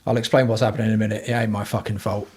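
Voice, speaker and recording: A man's voice: lowish voice, flat delivery, racing, darkish tone, husky. A man hosting a casual livestream from home, talking bluntly and rambling with plenty of swearing. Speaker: livestream host.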